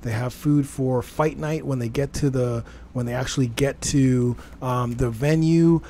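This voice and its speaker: A man's voice: mid-range voice, steady tone, measured pace, dark tone. A man hosting a casual fitness podcast, telling stories animatedly and swearing freely. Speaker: podcast host. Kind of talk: casual chat. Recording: faint background noise.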